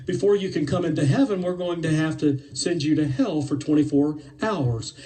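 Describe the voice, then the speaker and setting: A man playing a patient saint at the pearly gates, calm and matter-of-fact. His tone is mellow and a bit high, and he stands back from the mic. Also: moderate pace, recorded from a distance, lightly acted. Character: patient male gatekeeper saint of heaven.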